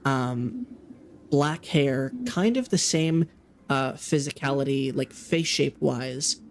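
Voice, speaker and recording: A man running a tabletop game as game master, describing scenes in a halting way with many ums and restarts. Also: medium pitch, vocal fry, a little hiss or hum.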